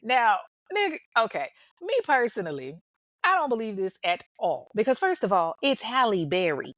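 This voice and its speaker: A woman's voice: mid-range voice, sing-song, normal speed, fairly bright tone, no room sound, clean studio sound. A woman hosting a true-crime show, telling the story in casual commentary with blunt, profane asides.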